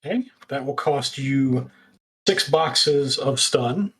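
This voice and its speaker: A man's voice: mid-range voice, slow pace, a bit bright, slightly rough. A man running a tabletop role-playing game, narrating scenes and explaining rules. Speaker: game master.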